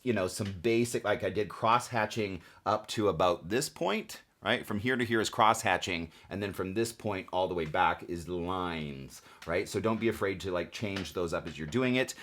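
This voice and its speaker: Deep-voiced man casually teaching quilting. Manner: relaxed, chatty, frequent "right?" and "okay?" check-ins. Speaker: quilting instructor. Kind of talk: casual tutorial demonstration.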